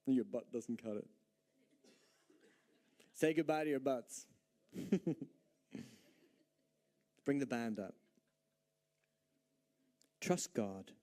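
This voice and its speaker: A man's voice: medium pitch, warm tone. A man preaching a sermon as pastor, emphatic, asking the congregation rhetorical questions and acting out their doubts. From Northern Ireland.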